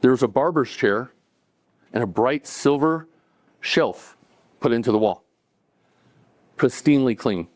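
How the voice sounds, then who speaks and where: Male storyteller, mid-pitched and casual, recorded close and dry on a cafe stage. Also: lively intonation, unhurried, long pauses, dry recording. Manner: conversational, acting out dialogue, chuckling between lines. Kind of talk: live storytelling to an audience.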